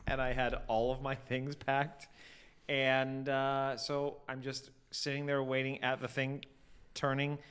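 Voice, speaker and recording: A man's voice: medium pitch, monotone, unhurried, a bit bright, clean tone. A man co-hosting a podcast, telling a rambling anecdote in casual chat. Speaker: podcast co-host.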